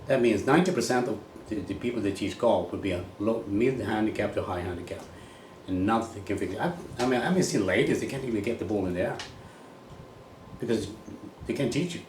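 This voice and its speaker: A man's voice: fairly low pitch, a little fast, darkish tone, recorded from a distance. A man from Sweden with a Swedish accent, a golf coach talking bluntly and rambling in a casual monologue, swearing now and then. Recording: echoey room with faint ambient noise.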